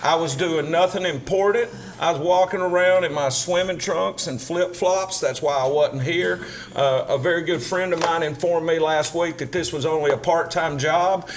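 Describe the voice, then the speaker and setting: A man's voice: a little high, normal speed, few pauses, a little hiss or hum. A man speaking as a city councilman at a council meeting, making dry jokes between his announcements. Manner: joking, dry humor.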